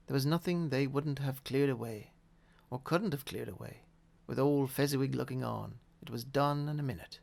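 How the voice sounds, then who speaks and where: A man reading a classic story aloud in a measured, expressive way. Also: medium pitch, creaky. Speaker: audiobook reader. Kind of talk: storybook narration.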